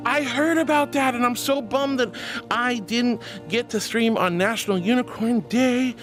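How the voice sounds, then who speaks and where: A woman's voice: on the high side, moderate pace. Bubbly affectionate woman streamer, music behind. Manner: bubbly, affectionate, reads chat aloud. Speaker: livestream host. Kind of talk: casual live-stream chat. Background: background music.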